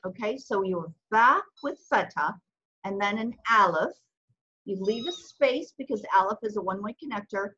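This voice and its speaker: A woman's voice: medium pitch, fairly bright tone, slightly rough. Brief: patient female language teacher, airy voice, muffled video-call sound. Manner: patient, explains step by step. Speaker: Arabic teacher. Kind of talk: online language lesson.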